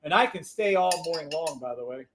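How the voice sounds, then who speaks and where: Brief: male livestream trading host, high voice, excitable and profane, shouts his calls. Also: fairly quick, noisy background. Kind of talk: live trading stream commentary.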